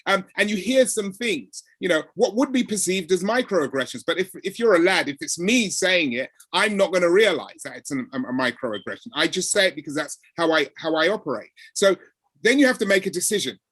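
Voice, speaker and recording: A man's voice: sits high, brisk, slightly rough, no room sound. Man explaining, dry close sound. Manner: animated, acts out quoted exchanges. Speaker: speaker on code switching. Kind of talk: conversational talk.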